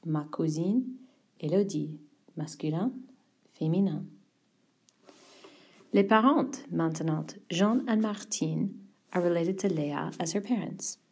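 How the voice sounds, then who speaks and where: Husky-voiced woman teaching French words. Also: fairly low pitch, darkish tone. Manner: slow, careful pronunciation of French words. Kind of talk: classroom vocabulary lesson.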